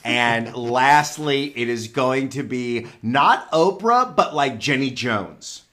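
A man co-hosting a podcast, reacting with quick jokes and guesses. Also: medium pitch, expressive, fairly bright tone. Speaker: podcast co-host. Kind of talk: casual chat.

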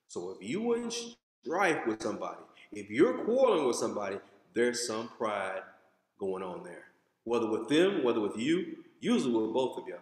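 An American man preaching in a church, his voice swinging between loud punchy lines and low asides. He talks straight to the congregation in a loose, conversational way. The sound rings with a long echo, as in a large hall. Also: big pitch swings, moderate pace. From United States. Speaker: pastor. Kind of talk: sermon. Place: church sanctuary. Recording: echoey hall.

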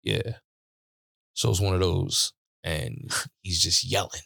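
Lowish dude on a podcast, swears a lot, laughs thru his stories, dead dry mic. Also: fairly even intonation, slow pace, vocal fry, sharp tone, dry recording. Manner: laid-back, profane, laughs often while telling stories. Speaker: podcast host. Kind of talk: casual storytelling chat. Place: studio.

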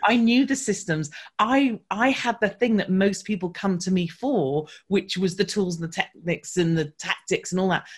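A woman speaking as a podcast guest, with a mid-pitched voice. She tells her story in an animated, rapid stream, doubling back and restarting as she goes. Her delivery stays conversational and candid throughout. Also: breathy edge. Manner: animated, fast-flowing storytelling with frequent restarts. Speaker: podcast guest, marketing coach.

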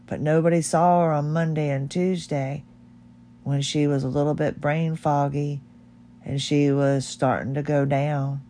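A woman's voice: low-pitched, level tone, measured pace, mellow, a little hiss or hum. A middle-aged woman hosting her own podcast, talking in a heartfelt, rambling and candid way. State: tearful. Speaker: podcast host. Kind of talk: personal podcast monologue.

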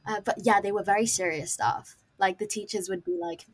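A woman's voice: medium pitch, fairly quick, gravelly, few pauses, a little hiss or hum. A young woman with a London accent, chatting casually and laughing often as a podcast co-host. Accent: London English. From United Kingdom. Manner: giggly, chatty, animated. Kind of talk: casual chat.

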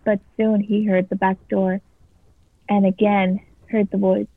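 A woman's voice: mid-range voice, flat delivery, unhurried, no echo. A woman casually reading a scary story aloud as a podcast co-host. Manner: casual, swears freely. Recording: tinny phone-like sound.

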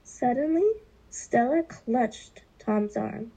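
Slow, gravelly-voiced woman reading aloud. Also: fairly high pitch, steady tone, warm tone, poor audio. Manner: slow, deliberate reading with occasional stumbles. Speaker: reader. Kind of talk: reading a children's novel aloud.

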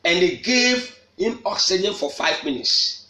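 A man preaches in a very high, lively voice that swings up into shouts and repeats each phrase. He speaks slowly and deliberately, and the sound is bright and carries an echo from the room. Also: faint music behind. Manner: shouting, emphatic repetition. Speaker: apostle leading a prayer meeting. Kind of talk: fiery preaching. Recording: echoey room.

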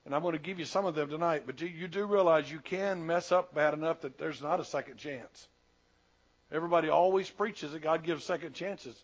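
Folksy preacher, high voice, lo-fi. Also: male voice, normal speed. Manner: folksy, plain-spoken preaching with colloquial asides. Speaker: pastor. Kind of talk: sermon. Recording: dull lo-fi sermon recording.

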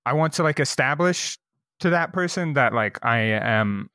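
A man's voice: mid-range voice, animated, normal speed, pushed and bright, no room sound, studio quality. A young man co-hosting a podcast, telling crude stories in a rambling, casual way with many restarts. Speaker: podcast co-host. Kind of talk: casual chat.

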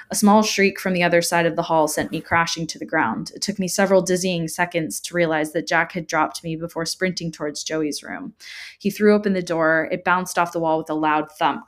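A woman reading a first-person horror story aloud with dramatic emphasis, laughing off her own stumbles. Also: lowish voice. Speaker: narrator.

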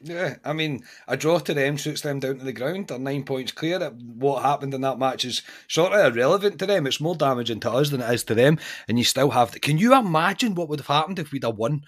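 A man with a Scottish accent hosting a football podcast, chatting casually in an animated, incredulous way with many restarts. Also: mid-range voice, a little fast, hardly any pauses. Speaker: podcast host.

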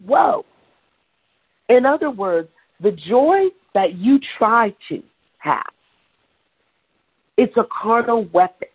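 A woman preaching a sermon in a conversational, animated way, laughing now and then. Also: on the high side, slow, pauses often, husky. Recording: tinny phone-like sound.

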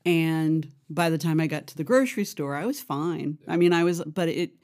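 A woman's voice: low-pitched, moderate pace, darkish tone. A middle-aged woman, a podcast guest, talking frankly and emotionally about her own life in a casual conversational way. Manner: frank, emotional, laughs at herself. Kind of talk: candid conversational storytelling.

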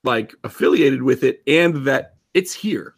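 A man's voice: mid-range voice, lively intonation, a little slow, gravelly. A man running a tabletop game as game master on a podcast, laughing often and narrating with loose fillers.

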